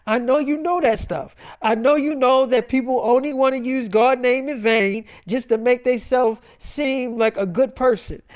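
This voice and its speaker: Man, unscripted preachy rant, heavy swearing, rambling and blunt. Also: extremely high pitch. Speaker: self-styled prophet vlogger. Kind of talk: profane freestyle monologue.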